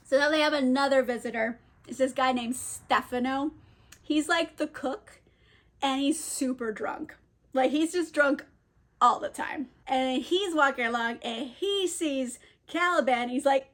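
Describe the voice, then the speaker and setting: A woman's voice: high voice, unhurried. A tipsy woman casually retelling a story, giggling often, swearing, and saying "like" a lot. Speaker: book video creator.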